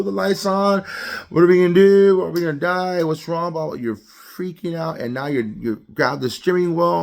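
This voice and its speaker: A man delivers a casual morning devotional sermon, speaking plainly and conversationally. He restarts phrases and repeats words as he works through his thoughts. At times he slips into brief dramatized voices to make a point. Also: mid-range voice. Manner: conversational, acts out panicked voices in quick asides. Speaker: preacher.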